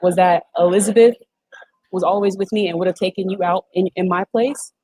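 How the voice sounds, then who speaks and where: A woman's voice: fairly low pitch, steady tone, fairly quick, warm tone, rough recording. A woman in her twenties, a guest on a video call interview, talking in an emphatic, slangy, casual way. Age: 20s. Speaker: guest, former reality show contestant.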